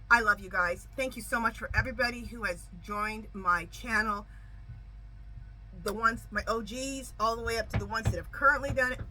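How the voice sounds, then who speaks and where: A middle-aged woman chats through a casual tarot vlog, animated and talkative, tagging "okay?" onto nearly every thought. Her voice sits a little high and sounds strikingly bright. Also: low-quality recording. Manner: chatty and animated, says "okay?" constantly, laughs a lot while storytelling. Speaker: tarot reader and channel host. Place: outdoors at home.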